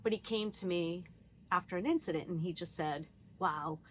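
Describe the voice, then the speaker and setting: A woman's voice: on the low side, normal speed, slight background noise. A woman sharing a personal story in a casual, reflective vlog, laughing often and acting out what she said and thought. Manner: candid and animated, laughs often, quotes herself; frequent fillers and restarts, thinking aloud.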